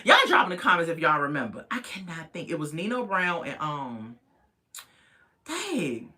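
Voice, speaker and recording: A sassy woman recaps a reality show in loose, chatty talk full of disbelieving asides. Her voice sits a little low for a woman yet rings bright and sharp. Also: big pitch swings, normal speed.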